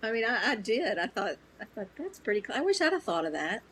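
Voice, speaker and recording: A woman's voice: mid-range voice, sing-song, fast talker, fairly bright tone, slightly rough, low-quality recording. Earnest, hesitant female radio co-host. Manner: earnest, hesitant, repeats words. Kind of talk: casual chat.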